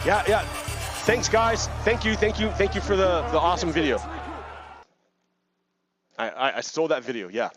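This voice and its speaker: A man's voice: on the high side, moderate pace, pauses often, music in the background. A man giving casual, rambling commentary on news clips, repeating words and laughing between points. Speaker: video commentator.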